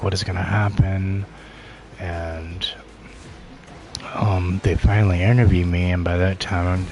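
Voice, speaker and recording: Low-voiced man rambling through a story. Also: noisy background. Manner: rambling, heavy use of filler words; low-key, often drops to a quiet mutter. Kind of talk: casual personal storytelling.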